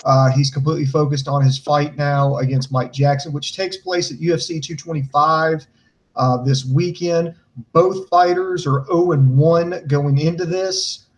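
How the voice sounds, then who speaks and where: A man giving wrestling news in a relaxed, conversational way, then setting up pointed questions for his co-host. His voice is a little higher than most men's. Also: unhurried. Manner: newsy, sets up questions for the host. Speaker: podcast co-host. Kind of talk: casual wrestling chat.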